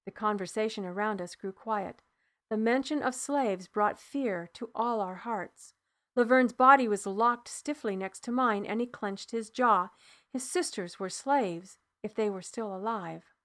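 A woman narrating an audiobook in the first person, measured and soft, dropping low at dialogue tags.

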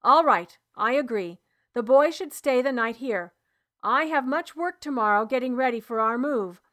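Woman reading a roman centurion, stern n bossy, clipped commands, kinda high voice. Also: lively intonation, moderate pace, fairly bright tone. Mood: firm, commanding. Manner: clipped, firm orders. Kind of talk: audiobook character reading.

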